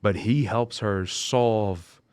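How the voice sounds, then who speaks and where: A young man as a guest in a casual movie chat, animated and given to exclamations. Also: lowish voice, very slow, clean tone, no room sound.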